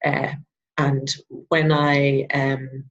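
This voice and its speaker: A woman's voice: a bass voice, level tone, drawn-out words. Lady chatting thru a card reading, rambly, lots of restarts, bit muffled lo-fi sound. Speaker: spiritual mentor and card reader. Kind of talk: casual spoken weekly card reading. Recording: dull lo-fi sound.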